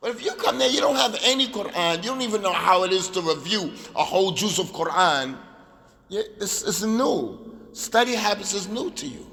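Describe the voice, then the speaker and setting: A man's voice: sits high, expressive, normal speed, bright, forceful tone. A man teaching an Arabic class in a mosque, emphatic and repetitive, drilling phrases aloud. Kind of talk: lecture in a mosque. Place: mosque hall. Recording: long hall reverb.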